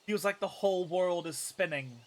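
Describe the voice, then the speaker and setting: A man's voice: high-pitched, normal speed, slight background noise, lightly acted. A man reading a grieving, angry young princess's game dialogue aloud. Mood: grief-stricken, furious.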